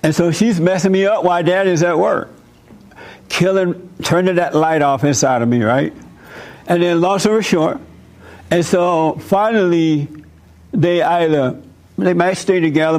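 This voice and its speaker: Unhurried and pitched slightly above the typical male range, an older preacher addresses a room. He relates his story with animation and a conversational liveliness, taking on the voices of the people in it to role-play the scene.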